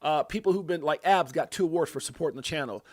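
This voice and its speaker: A fired-up male host running a live crypto show, his voice sitting a bit high for a man. He jumps into loud, hyped bursts full of slang and repeated words. The sound is dry and close, with no room echo. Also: quick pace. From Brooklyn, USA. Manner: excitable, loud bursts of hype, slang, frequent repeats and laughs. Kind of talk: live crypto market commentary.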